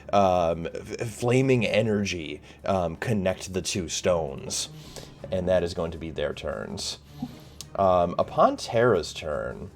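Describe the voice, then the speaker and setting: A man's voice: sits low, darkish tone. A man narrating a tabletop game as game master, hesitant with many fillers.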